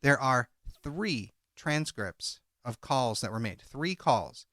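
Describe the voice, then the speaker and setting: Bright-voiced man recounting a case. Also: medium pitch, lively intonation, no room sound, clean studio sound. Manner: reads call transcripts aloud in a measured way. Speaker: podcast co-host. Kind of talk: casual true-crime podcast chat.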